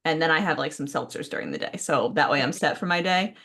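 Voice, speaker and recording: A woman co-hosting a podcast, chatting casually in a lively, jokey way. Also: deep voice, gravelly. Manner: lively, jokey, quick bursts of excitement. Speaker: podcast co-host. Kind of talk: casual chat.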